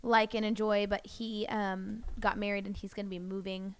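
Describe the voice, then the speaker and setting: Hesitant young woman with a smooth voice. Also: mid-range voice, level tone, moderate pace. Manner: hesitant, many fillers, plainspoken. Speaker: guest singer. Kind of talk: casual interview chat.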